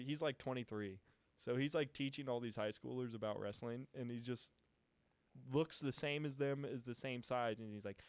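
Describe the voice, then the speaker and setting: Young man, mid pitch, animated storyteller who laughs a lot, dry studio sound. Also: normal speed, clear, resonant tone, no echo. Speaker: podcast participant. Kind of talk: casual storytelling chat. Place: podcast studio.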